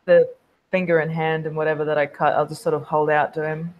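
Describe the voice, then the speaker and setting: Tabletop player, dry and relaxed, mid-range voice. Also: mid-range voice, a little fast, highs cut off. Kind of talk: casual tabletop play.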